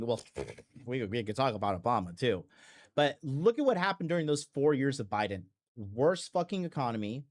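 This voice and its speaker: A man hosting a podcast in a blunt, profane, rambling monologue full of fillers and restarts. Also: medium pitch. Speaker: podcast host. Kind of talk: casual monologue.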